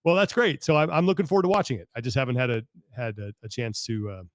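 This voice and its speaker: Man, quick opinionated talk, dry close sound. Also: mid-range voice, sing-song, dry recording. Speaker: podcast co-host. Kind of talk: casual chat.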